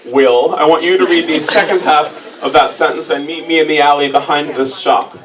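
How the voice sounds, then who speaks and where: A man hosting a comic stage reading, teasing his volunteers in a dry, mock-pompous deadpan. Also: fairly high pitch, normal speed. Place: stage before a live audience. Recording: distant mic, loud crowd laughter and noise.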